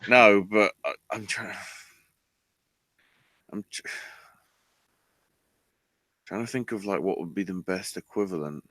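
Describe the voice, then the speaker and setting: Sarcastic man, crisp dry podcast voice. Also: low voice, slow pace, pauses often, fairly bright tone, no room sound. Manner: sarcastic, exasperated storytelling. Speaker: podcast host. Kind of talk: casual chat recapping a wrestling show.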